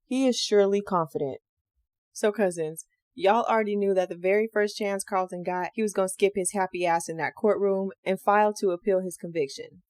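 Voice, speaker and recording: Woman podcast host, casual true crime storyteller, slangy and animated, dry close mic. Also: mid-range voice, a little fast, dry recording. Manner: animated, slangy, acts out quotes.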